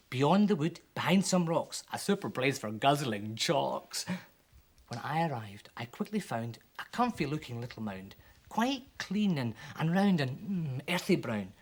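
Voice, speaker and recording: A children's TV presenter reading a comic poem aloud for children with animated, dramatic delivery. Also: mid-range voice, unhurried, breathy edge. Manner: animated, with voices for the characters.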